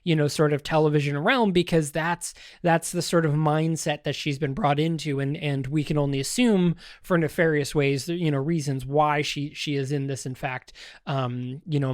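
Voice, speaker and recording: A man's voice: a little high, dry recording, clean studio sound. A man hosting a podcast, rambling through casual pop-culture commentary with lots of fillers and restarts, joking and talking straight to the audience. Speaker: podcast host.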